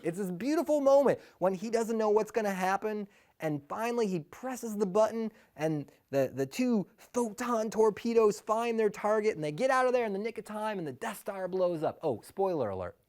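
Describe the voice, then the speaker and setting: A man telling a personal story live, animated, often laughing and acting out the quotes. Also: high-pitched, moderate pace.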